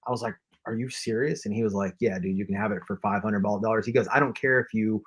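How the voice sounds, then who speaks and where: A man's voice: fairly low pitch, steady tone, fast talker, slightly rough. A man on a collectors' live stream telling a long story in casual chat, acting out quotes and padding with fillers. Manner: rambling anecdote with acted-out quotes, many fillers.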